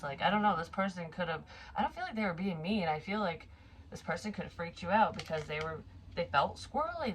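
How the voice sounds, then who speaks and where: A woman's voice: on the low side, noisy background. Chatty, foul-mouthed woman doing tarot. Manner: chatty and profane, thinking aloud. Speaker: psychic tarot reader. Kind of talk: casual tarot reading.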